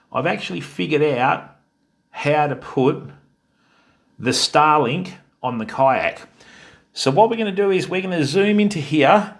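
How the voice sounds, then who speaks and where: Speaking with vocal fry in a voice on the high side, an Australian fishing stream host keeps things casual on his live stream. He's friendly, welcomes viewers by name, and calls people mate and bud.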